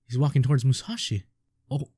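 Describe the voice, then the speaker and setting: A man's voice: medium pitch, animated, a little fast, mellow, husky, no room sound. A man reacting casually to a comic he reads aloud, swearing and laughing in asides into a close mic. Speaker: manga reader.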